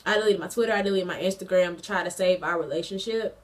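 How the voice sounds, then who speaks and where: Talking fast in a lowish voice picked up by a distant mic, a young woman in her twenties, a college student, shares a storytime vlog. She's chatty and slangy, uses frequent fillers, and bursts out laughing mid-story.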